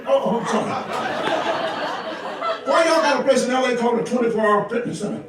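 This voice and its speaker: An older man from Georgia does teasing, playful stand-up, chuckling at his own jokes in an extremely high-pitched, slightly fast voice. Filmed on a phone from the audience of a large comedy club, the very noisy recording sounds distant and echoey, with a loud crowd and audience laughter.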